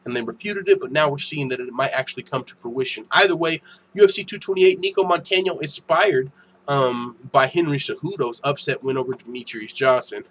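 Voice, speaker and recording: A young man hosting a casual MMA news channel, ranting in a profane, animated way that turns heated and loud. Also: mid-range voice, a little hiss or hum, rough recording. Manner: profane, animated, quick to get heated and shout.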